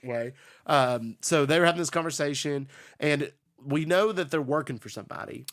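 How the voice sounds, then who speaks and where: A young man co-hosting a casual podcast chat, recapping scenes in a relaxed way and quoting lines playfully. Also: on the high side, normal speed, no echo. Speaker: podcast co-host.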